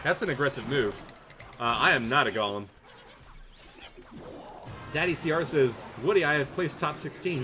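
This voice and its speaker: A man's voice: medium pitch, animated, normal speed, long pauses, sharp tone, a little hiss or hum. A man, livestreaming a tournament, reading viewer jokes aloud and casting matches in a playful, self-mocking way. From Canada. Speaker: tournament streamer and caster. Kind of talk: casual livestream chat and game commentary.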